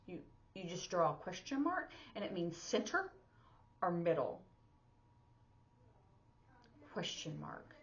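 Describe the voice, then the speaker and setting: A woman with a low, creaky voice teaches sign language in a relaxed, chatty lesson, heard through a muffled recording. She explains every sign step by step, using plenty of fillers.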